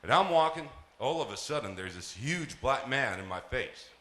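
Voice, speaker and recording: A male stand-up comedian from Palestine, telling stories on a live stage in an animated, profane way. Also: medium pitch, normal speed. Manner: animated, profane, laughing through his lines. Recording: echoey live venue.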